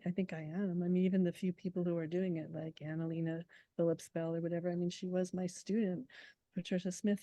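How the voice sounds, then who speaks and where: A middle-aged woman poet talking casually in an interview, animated, sometimes quick and laughing as she explains. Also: on the low side, no echo. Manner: animated, fast when excited, laughs while explaining.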